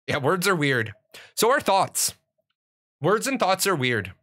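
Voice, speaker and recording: A man's voice: fairly high pitch, very animated, unhurried, a bit bright. A middle-aged man chatting casually on his livestream, rambling and profane, restarting his sentences often. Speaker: streamer and gaming network owner.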